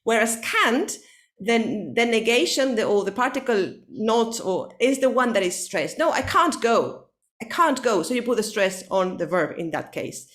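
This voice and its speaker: A woman's voice: on the high side, lively intonation, normal speed. A woman whose first language is Spanish, teaching an online one-to-one English lesson, explaining pronunciation and often checking with "okay?" and Spanish asides.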